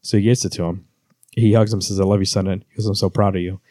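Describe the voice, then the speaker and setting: A man's voice: deep voice, fairly even intonation, quick pace, warm tone, dry recording, clean studio sound. A man co-hosting a casual book club podcast, retelling scenes and reading passages aloud with many fillers. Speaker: podcast co-host.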